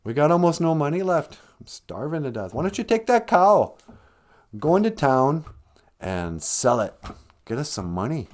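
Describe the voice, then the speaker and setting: A man's voice: fairly high pitch, very animated, moderate pace, darkish tone, voice pushed up. Fed-up mom in a spoken folktale, raised and nagging, played by a man. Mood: scolding. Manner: scolding, nagging. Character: exasperated poor mother scolding her son.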